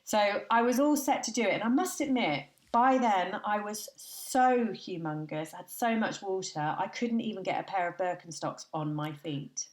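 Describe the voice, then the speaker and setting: A woman's voice: mid-range voice, normal speed, few pauses. Chatty woman telling stories in a roomy space. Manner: lively anecdotes with bursts of laughter. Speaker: podcast guest. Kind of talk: chatty storytelling.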